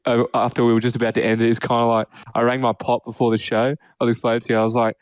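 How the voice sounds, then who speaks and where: A young man chatting loosely on a podcast, rambling through stories and laughing often. His voice sits at an ordinary middle pitch. The mic is close and dry, with no room sound at all. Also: monotone, racing, clean tone, no room sound. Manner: laid-back, rambling, laughs often, swears. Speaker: podcast co-host. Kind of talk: casual chat.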